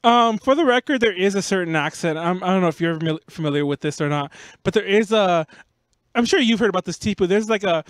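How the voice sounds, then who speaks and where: Casting: high-pitched man, podcast host, rambling and chatty, dry close mic. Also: lively intonation, fast talker, no room sound. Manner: rambling storytelling, heavy use of "like". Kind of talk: casual podcast chat.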